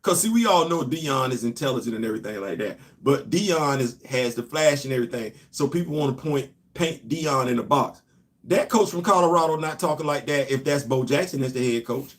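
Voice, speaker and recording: A man hosting a casual live-stream show, animated and laughing often as he chats about football. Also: medium pitch, a little fast. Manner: animated, laughing often, Southern colloquial talk. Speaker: show host.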